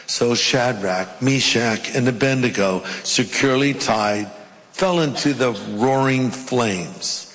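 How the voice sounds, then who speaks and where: A man's voice: medium pitch, takes it slowly, a bit bright. A middle-aged man, a pastor, preaching a sermon and reading scripture aloud with emphatic, dramatic delivery. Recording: long reverb of a large hall.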